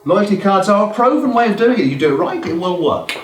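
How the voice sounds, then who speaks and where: A man giving a lively, joking business talk to a live audience and acting out customer exchanges. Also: high-pitched, fairly quick, a little hiss or hum. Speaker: business speaker. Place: hall with a small audience. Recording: echoey room, from far off.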